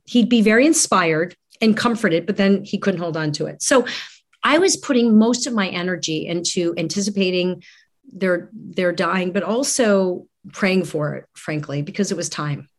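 Earnest middle-aged woman reflecting. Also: mid-range voice. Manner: earnest, reflective, frequent restarts. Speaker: guest. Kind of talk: candid conversation.

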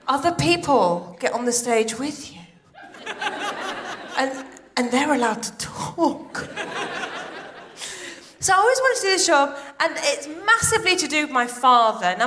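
High-voiced excitable woman doing stand-up. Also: a little hiss or hum. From Iran. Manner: chatty, excitable, quick asides. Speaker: stand-up comedian. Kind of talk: stand-up comedy set. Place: large theatre stage with audience laughter.

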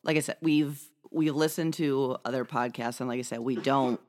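A woman with a low voice co-hosts a podcast in loose, casual chat. She rambles, circles back on herself and restarts her sentences. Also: moderate pace, darkish tone. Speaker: podcast co-host.

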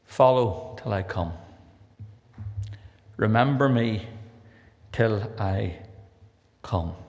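Older Northern Irish preacher in an echoing hall. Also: male voice, lowish voice, very slow, a little mellow, muffled recording. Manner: reads scripture aloud with rising emphasis, adds dry humorous asides. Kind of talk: sermon.

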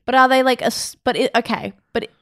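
A woman co-hosting a podcast, asking quick questions and giving short replies in a casual chat. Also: on the high side, fairly even intonation, gravelly, fairly bright tone, no room sound, studio quality. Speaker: podcast co-host.

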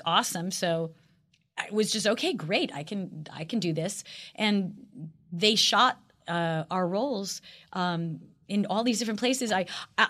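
A middle-aged actress chatting as an interview guest, bubbly and rambling, with lots of fillers and restarts. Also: female voice, medium pitch, fairly bright tone. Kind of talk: casual interview chat.

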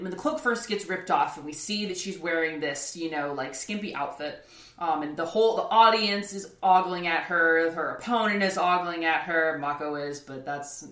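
A woman's voice: fairly low pitch, normal speed, sharp tone. A woman co-hosting a podcast, chatting casually about an anime, rambling with many restarts and laughs. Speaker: podcast co-host. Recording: roomy echo.

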